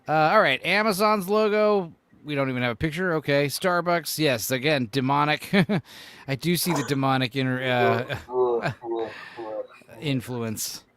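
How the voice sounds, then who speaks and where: A man's voice: medium pitch, a little slow, a bit bright. A man co-hosting a casual podcast chat, rambling and swearing, full of "like" and "you know". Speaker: podcast co-host.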